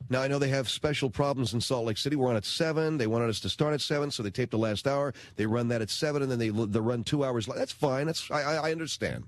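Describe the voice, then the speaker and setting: A man's voice: mid-range voice, a little fast, no room sound. A man hosting a radio talk show, ranting in a blunt, slangy, indignant way into a studio microphone.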